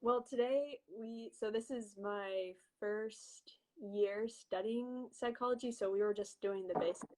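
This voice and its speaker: Young woman guest, casual and a little halting, on a video call. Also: a little high, darkish tone, poor audio. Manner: friendly, hesitant, many ums and restarts.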